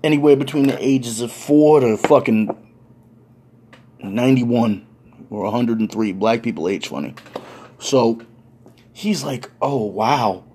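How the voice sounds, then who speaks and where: A young man telling a funny story on a podcast, profane, animated and playful. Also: mid-range voice, measured pace, long pauses, a little hiss or hum. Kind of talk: comedic storytelling.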